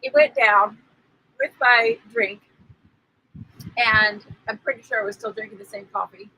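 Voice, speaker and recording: A woman telling a story in casual conversation as a spiritual teacher co-hosting a live stream, animated and laughing as she acts out the people in it. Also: fairly high pitch, unhurried, a little hiss or hum, rough recording. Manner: animated, acts out quoted voices, laughs often.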